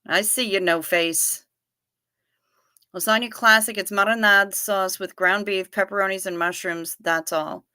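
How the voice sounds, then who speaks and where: A woman's voice: medium pitch, fairly even intonation, sharp tone, clean tone, no room sound, studio quality. A woman hosting a casual livestream, reading viewer comments aloud and answering them in a blunt, teasing way. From United States. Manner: blunt, salty, quick to tease. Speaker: livestream host.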